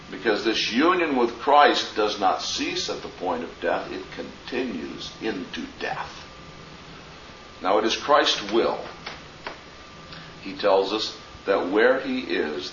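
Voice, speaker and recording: Man, low voice, emphatic theology lecturer, distant muffled room mic. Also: big pitch swings, fairly bright tone. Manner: emphatic and deliberate, quoting Greek phrases. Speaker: theology teacher. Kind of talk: classroom lecture. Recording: muffled, roomy, distant classroom recording.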